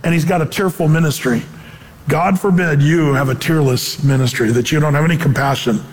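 A man preaching a conversational sermon as pastor, animated and acting out quotes in voices. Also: fairly high pitch, brisk, big-room sound.

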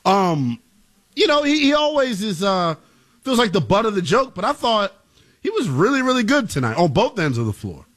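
A man's voice: high-pitched, very animated, moderate pace, a bit bright. A man co-hosting a sports talk show, giving emphatic, playful opinions. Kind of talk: animated sports debate.

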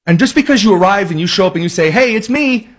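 A man's voice: high voice, animated, rapid-fire. A man hosting a political talk show, delivering a sarcastic, mocking monologue. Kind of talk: opinion monologue.

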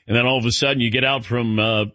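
A man's voice: medium pitch, steady tone, fast, bright, forceful tone, dry recording. A middle-aged man hosting a sports radio show, chatting casually with a wry, self-deprecating manner. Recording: dull lo-fi broadcast audio.

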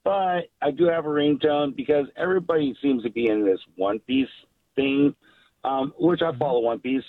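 A man from California calling in to a sports talk show, speaking in a slow, laid-back way. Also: mid-range voice, dry recording. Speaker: caller. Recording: tinny dry phone line.

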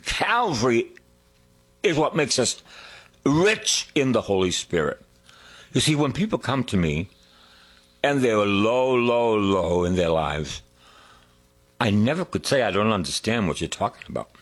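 A man's voice: fairly low pitch, very animated, unhurried, pauses often, husky. A man preaching a sermon who sings hymn lines, swells on key words and drops to whispers.

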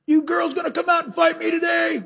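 A man preaching and putting on the voice of a big male warrior who shouts taunts at his enemies. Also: very high-pitched, steady tone, a little fast, vocal fry, voice pushed up, full character voice. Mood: taunting. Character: taunting giant male warrior, loud bully.

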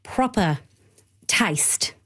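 A woman hosting a radio health show, explaining news clearly and laughing easily. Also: mid-range voice, animated, extremely slow, bright, forceful tone. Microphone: studio mic.

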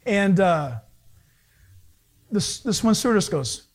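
A man's voice: high voice, expressive, measured pace, pauses often, breathy edge. A male pastor preaching a sermon, telling stories and acting out the voices of the people in them. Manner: storytelling, acts out other people's voices.

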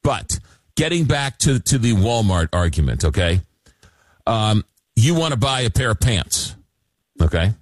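A man hosting a talk radio show, reading listener messages and taking calls, halting with restarts when he argues. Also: fairly low pitch, sing-song, no echo.

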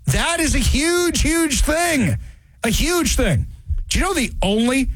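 Animated, sarcastic male talk radio host. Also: high-pitched, dry recording, rough recording. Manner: sarcastic, animated, repeats phrases for emphasis.

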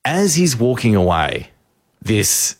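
A man, hosting radio and telling an animated story, acting out the people in it. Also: lowish voice, slow, no echo, studio quality. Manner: animated storyteller, acts out quotes. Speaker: radio host. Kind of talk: casual radio banter.

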